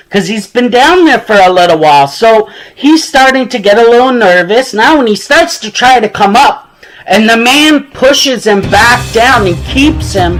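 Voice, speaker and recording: A man's voice: extremely high pitch, a bit bright, low-quality recording. A man telling a motivational story in a conversational way, speaking directly to his listeners.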